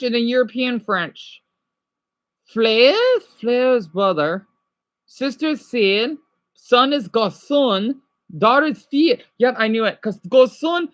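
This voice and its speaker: A man's voice: very high voice, fairly bright tone, no room sound. Rambling man chatting live with viewers. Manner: rambling, self-correcting, drops in French phrases. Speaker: livestreamer answering viewers. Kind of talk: casual live-stream chat.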